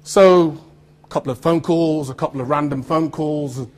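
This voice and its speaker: Husky-voiced man telling a story. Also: a little high, moderate pace. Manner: animated, acts out quoted dialogue. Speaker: actor giving a talk to students. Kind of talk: anecdotal storytelling speech.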